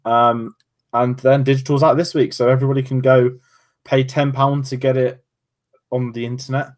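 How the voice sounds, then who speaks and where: Male podcast co-host, medium pitch, rambling casual delivery. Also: little pitch movement, normal speed. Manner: loose and chatty, often trails off mid-sentence.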